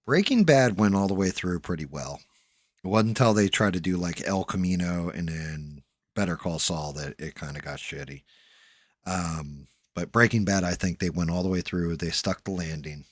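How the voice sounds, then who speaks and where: A man with a deep, low voice chats loosely on a livestream as he paints. He rambles through stories, swears without a second thought and mutters quietly to himself over the work. The sound is dry and close, with no room around it. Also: normal speed, no echo. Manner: swears freely, mutters to himself while working; relaxed, rambling storytelling. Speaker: livestream host. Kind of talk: casual chat while painting.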